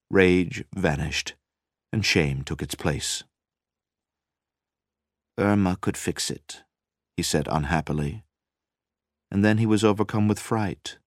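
A man narrating a story in a measured, dramatic reading style. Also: very deep voice, dry recording, studio quality. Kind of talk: scripted audiobook narration.

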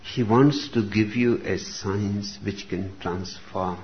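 A man giving a slow, reflective spiritual discourse, speaking deliberately with long pauses between phrases. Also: on the low side, steady tone. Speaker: spiritual teacher. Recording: dull lo-fi recording with faint room noise.

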